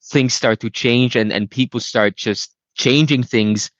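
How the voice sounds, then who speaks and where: A man's voice: mid-range voice, steady tone, unhurried, fairly bright tone, no room sound, dull audio. Austrian man, German native speaker. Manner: frequent restarts, searching for words. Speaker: guest, IT leader. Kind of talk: casual interview chat.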